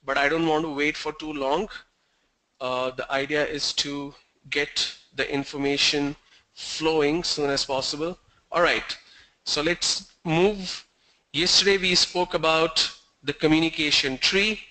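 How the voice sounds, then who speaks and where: Teaching an online English class over a video call mic, a man quizzes his students and teases and jokes with them. His voice is a little high and a little slow, steady in tone yet pushed and bright, and the recording is rough.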